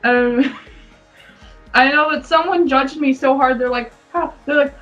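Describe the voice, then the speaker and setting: A giggly young woman chatting on a podcast, her voice sitting high and bubbly. She gushes freely and jumps into squeaky impressions of her younger self. She sounds a little far from the mic, with faint music underneath. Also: measured pace, a bit bright, lo-fi sound. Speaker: podcast co-host. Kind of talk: casual chat.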